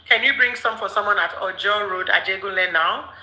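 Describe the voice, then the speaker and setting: A woman's voice: medium pitch, steady tone, a little fast, pushed and bright, echoey room, rough recording. A woman hosting a live chat, explaining firmly step by step. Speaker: live stream host. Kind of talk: casual live chat discussion.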